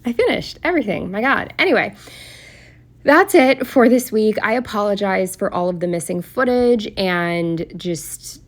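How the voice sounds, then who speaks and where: A woman's voice: mid-range voice, lively intonation, normal speed. A woman talking casually as she walks through her planner week, chatty and candid, wandering off on tangents and giving blunt opinions. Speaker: planner vlogger. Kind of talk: casual chat, voice-over while decorating a planner.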